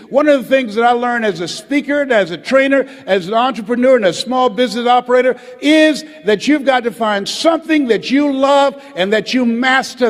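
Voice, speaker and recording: An older man, a motivational speaker from the United States, addressing a live audience and calling on them to raise hands and repeat after him. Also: very high voice. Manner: calls for audience responses, dramatic pauses. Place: large auditorium. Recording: hall reverb.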